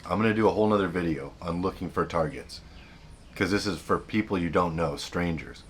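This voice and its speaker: Male host, very low voice, earnest advice monologue with self-corrections, faint noise behind. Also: brisk. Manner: earnest, repeats himself, restarts sentences. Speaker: self-help video host.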